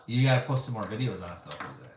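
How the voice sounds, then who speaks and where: A man's voice: lowish voice, big pitch swings, very fast. A man co-hosting a family live stream in an easygoing, teasing way, reading viewer comments aloud. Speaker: co-host reading live chat. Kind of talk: casual live-stream chat. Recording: echoey room, distant mic, faint hiss.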